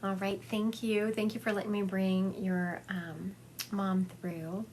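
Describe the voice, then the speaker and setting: A chatty woman, speaking at a mid-range pitch as she gives psychic readings on a phone livestream from home. She talks affectionately, calls people honey and laughs easily between thoughts. A faint hum of room noise sits under her voice. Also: flat delivery, measured pace, a little mellow. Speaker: psychic medium.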